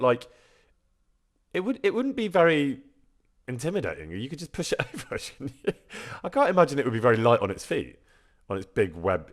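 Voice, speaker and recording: Deep-voiced man chatting on stream. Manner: chatty and self-deprecating, laughs often. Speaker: streamer and actor. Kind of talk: casual live-stream chat answering viewer questions.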